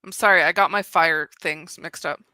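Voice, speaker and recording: A woman's voice: sits low, moderate pace, pushed and bright, no echo. A woman co-hosting a casual livestream, playful and teasing. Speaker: co-host.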